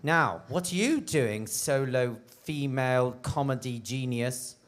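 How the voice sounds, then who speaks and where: A British man hosting a live cabaret night, with camp, teasing, quick-witted banter. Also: medium pitch. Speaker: host. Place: club stage with live band.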